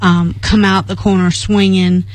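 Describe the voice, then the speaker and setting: A woman's voice: medium pitch, flat delivery, unhurried, a little mellow, no room sound, rough recording. A middle-aged woman leading a casual church group, rambling through stories and laughing often.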